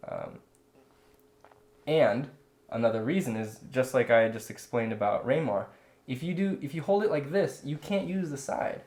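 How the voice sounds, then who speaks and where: Man, drawing teacher, casual, step-by-step demo talk, middle pitch. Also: moderate pace, darkish tone. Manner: explains step by step while demonstrating with a pencil. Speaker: drawing instructor co-host.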